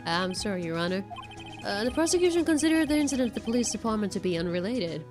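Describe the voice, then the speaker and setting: A woman's voice: medium pitch, very animated, fast talker, over music, pitched below the performer's own voice, lightly acted. A woman doing a haughty male prosecutor. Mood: cool.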